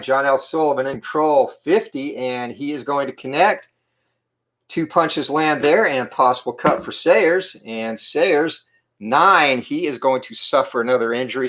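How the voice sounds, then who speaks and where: A man with a slightly hoarse morning voice, giving play-by-play commentary on a tabletop boxing game and calling out each roll in short clipped phrases. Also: medium pitch, a bit bright. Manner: calls each dice roll and punch count in quick clipped phrases.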